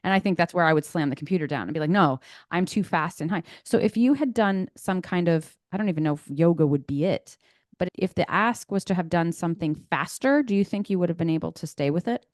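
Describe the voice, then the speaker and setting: A woman with a slightly low voice co-hosts a podcast in a relaxed manner. She asks probing, thoughtful follow-up questions. The recording is dry and close to the mic. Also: fast, no room sound. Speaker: podcast co-host. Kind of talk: casual conversational chat.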